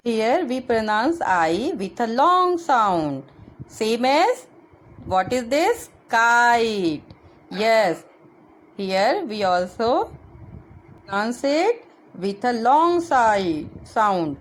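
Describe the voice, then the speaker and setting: A woman's voice: on the high side, big pitch swings, extremely slow. A woman teaching children a phonics lesson, spelling words letter by letter and repeating each one.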